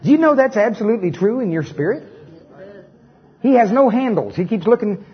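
A man's voice: high-pitched, a little fast, dull audio. A middle-aged man preaching and leading a congregation in repeated lines, with joking asides. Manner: animated, joking asides, leads congregation in repetition. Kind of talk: sermon with call-and-response.

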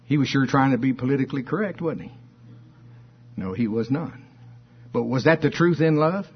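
Husky-voiced preacher guy going hard, keeps asking the crowd "you hear me?", kinda muffled lo-fi sound. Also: medium pitch, normal speed. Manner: fervent, emphatic preaching with call-and-response questions. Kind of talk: sermon.

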